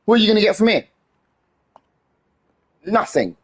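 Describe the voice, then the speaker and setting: A man's voice: sits high, very animated, moderate pace. A man streaming a game, ranting in an exasperated, heavily sweary way. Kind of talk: casual live-stream rant.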